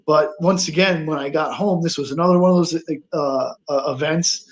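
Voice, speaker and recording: A man telling a ghost story as a guest on a paranormal talk show, halting, with many fillers and restarts. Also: a little high, dull audio.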